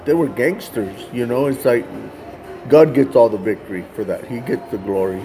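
Laid-back guy telling his faith story, keeps saying man, mellow tone. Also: mid-range voice, moderate pace, faint music behind. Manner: casual, ends phrases with "man". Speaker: Christian storyteller. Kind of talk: personal testimony.

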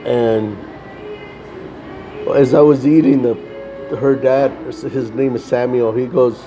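A man telling a religious testimony as a story, halting and often repeating words as he goes. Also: medium pitch, steady tone, rough recording. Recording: music playing behind voice.

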